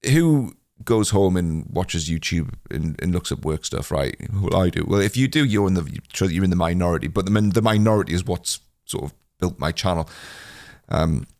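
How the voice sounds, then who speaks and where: Man, podcast host, rambling, self-deprecating, lots of uhs, low-pitched, dry close sound. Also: lively intonation, normal speed, a little mellow, no echo. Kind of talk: casual solo podcast chat.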